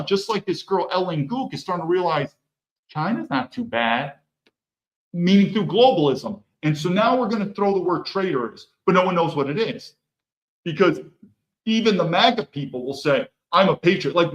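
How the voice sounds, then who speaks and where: A middle-aged man delivers a forceful political monologue, pitched a little high and swinging his intonation widely. He fires off rhetorical questions and repeats words for emphasis. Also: low-quality recording. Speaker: political commentator. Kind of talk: opinionated monologue.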